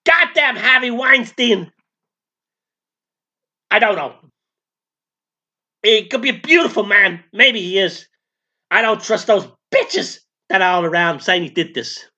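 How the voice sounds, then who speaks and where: A man's voice: sits high, lively intonation, measured pace, pauses often, pushed and bright, lo-fi sound, exaggerated voice. A man voicing a brash, flamboyant, foul-mouthed male showman spirit in a comic channeling sketch, talking in a camp, boastful way.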